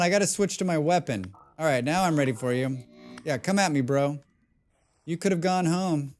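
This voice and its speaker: A man's voice: fairly high pitch, expressive, fairly quick, a little mellow, soft background music. A man casually chatting on a game live stream, humming and mumbling nonsense sounds between remarks. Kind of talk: casual live-stream chat while playing.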